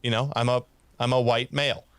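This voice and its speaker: A man co-hosts a podcast in a casual, rambling storytelling voice, acting out quoted lines with bursts of energy. His pitch sits in the middle range. The sound is dry and close to the mic. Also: brisk, clean tone, dry recording. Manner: rambling, animated retelling with laughs. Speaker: podcast co-host.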